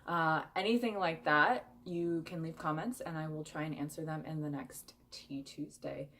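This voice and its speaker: A woman's voice: deep voice, fairly even intonation, normal speed, a bit bright, a little hiss or hum. A young woman vlogger chatting candidly to her viewers, with plenty of fillers. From United States. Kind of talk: casual chat.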